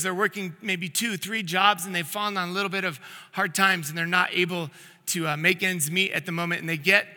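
A male pastor with a fairly high, very bright and forceful voice delivers a conversational sermon. He tells stories earnestly, often restarting his sentences. His voice rings with the long reverb of a church sanctuary. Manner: earnest storytelling with frequent restarts.

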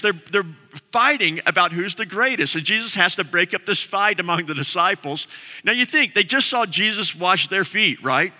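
A man's voice: sits high, animated, moderate pace, sharp tone. A male pastor preaching a sermon, explaining scripture in a conversational, storytelling way in a church sanctuary. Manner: conversational teaching with vivid explanations. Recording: long hall reverb.

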